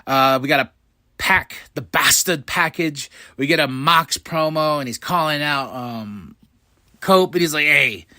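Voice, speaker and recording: A man hosting a podcast, recapping a wrestling show in a rambling, excitable way, laughing often and swearing casually. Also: a little high, a little slow, no room sound, clean studio sound. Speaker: podcast host.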